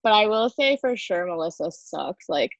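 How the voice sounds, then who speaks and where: A woman's voice: lowish voice, big pitch swings, moderate pace, highs cut off, noisy background. A woman co-hosting a casual podcast, giving blunt, offhand opinions. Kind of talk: casual chat.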